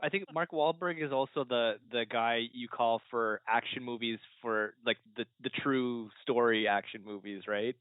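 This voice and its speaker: Guest debater, male, mid-pitched, laughs a lot, hesitant, dry phone-like audio. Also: normal speed, few pauses, clean tone, dry recording. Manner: laughs often, hesitant restarts. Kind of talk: casual chat. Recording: tinny phone-like line.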